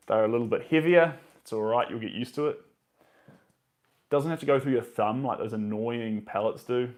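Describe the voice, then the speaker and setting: A man's voice: medium pitch, darkish tone. A man, chatting casually to his live stream viewers while he paints, muttering to himself between remarks.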